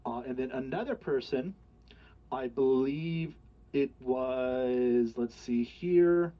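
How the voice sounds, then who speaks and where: A man narrating as game master, halting with fillers and restarts. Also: medium pitch. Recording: dull lo-fi home mic.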